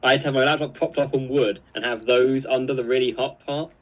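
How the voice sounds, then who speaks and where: A man's voice: medium pitch, fairly even intonation, quick pace, rough recording. A man co-hosting a live stream, reading viewer comments aloud in a casual, chuckling way. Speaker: co-host reading live chat.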